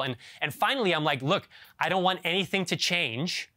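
A man preaching a sermon as pastor, reading scripture and then telling a lively story with acted-out dialogue. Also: on the high side, quick pace, dry recording, studio quality. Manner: animated storyteller, acts out phone dialogue.

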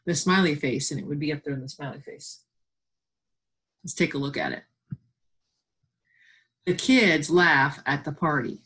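A woman teacher giving a remote phonics and spelling lesson, slowly sounding out letters and words and encouraging her absent students. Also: sits low, fairly bright tone, husky.

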